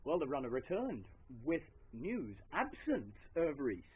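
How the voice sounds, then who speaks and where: Lively male storyteller on a tinny recording. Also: on the high side, measured pace, breathy edge. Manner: chatty, with asides to the audience. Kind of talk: live folk tale telling. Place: hall at a live event. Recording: tinny lo-fi live recording, faint hiss.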